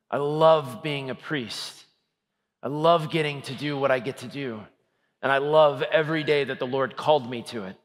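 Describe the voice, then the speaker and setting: Man in his thirties, priest preaching, high voice, lively humorous storytelling, long church reverb. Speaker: Catholic priest. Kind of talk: sermon. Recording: echoey church hall.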